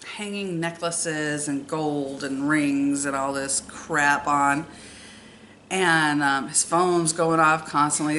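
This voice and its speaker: A woman's voice: low-pitched, sharp tone, slight background noise. A middle-aged woman telling a personal story in a chatty way, with many fillers. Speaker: vlogger. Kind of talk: storytime vlog.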